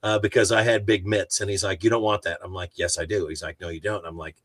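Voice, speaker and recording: Low-voiced man hosting a podcast, dry sound. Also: steady tone, fast talker, no room sound. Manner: chatty, teasing anecdotes. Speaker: podcast host. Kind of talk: casual podcast chat, storytelling.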